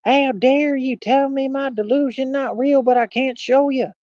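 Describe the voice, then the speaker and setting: A man putting on a mocking high voice for an indignant man he calls delusional. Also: steady tone, normal speed, no echo, dull audio.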